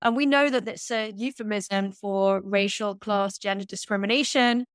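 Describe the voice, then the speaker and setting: A woman's voice: mid-range voice, steady tone, moderate pace, smooth, dry recording. A woman co-hosting a casual podcast discussion, articulate and critical with a lightly wry edge. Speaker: podcast co-host.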